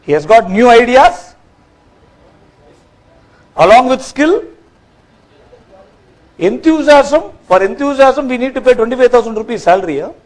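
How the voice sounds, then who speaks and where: A man gives a corporate training talk from a workshop stage, lively and quizzing his audience. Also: very high voice, a little slow, pauses often, poor audio. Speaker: workshop speaker.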